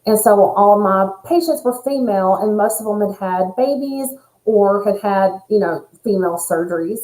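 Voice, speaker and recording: Woman, spiritual coach, earnest and animated, middle pitch, roomy echo. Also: moderate pace. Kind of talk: casual chat.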